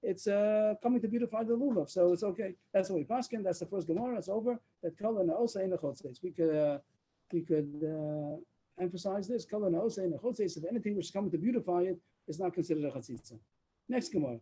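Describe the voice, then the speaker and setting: Male Talmud teacher on a video call, dark husky voice, fast delivery. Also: high-pitched, expressive, low-quality recording. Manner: explains rapidly, mixing English with Talmudic Hebrew and Aramaic terms. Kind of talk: daf yomi Talmud class. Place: online meeting room.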